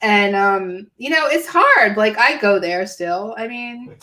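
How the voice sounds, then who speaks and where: A woman's voice: medium pitch, expressive, slow, pushed and bright. A woman hosting a casual podcast conversation, talking candidly and self-critically, often restarting her sentences. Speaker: podcast host. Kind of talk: casual chat.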